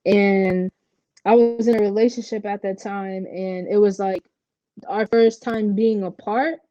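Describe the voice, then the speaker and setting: A woman's voice: mid-range voice, measured pace, no echo, lo-fi sound. Candid young woman basketball player. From Puerto Rico. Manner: candid, animated storytelling with many fillers. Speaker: interview guest, professional basketball player. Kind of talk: casual interview conversation.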